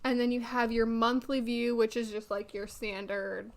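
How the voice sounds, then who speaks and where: A woman's voice: a little high, flat delivery, moderate pace, creaky. A woman co-hosting a podcast in casual chat, talking in a chatty way with lots of filler words. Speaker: podcast co-host.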